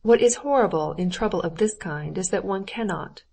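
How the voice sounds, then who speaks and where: A woman narrating a classic novel audiobook in a steady, even reading style. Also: medium pitch, normal speed, vocal fry. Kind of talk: scripted narration.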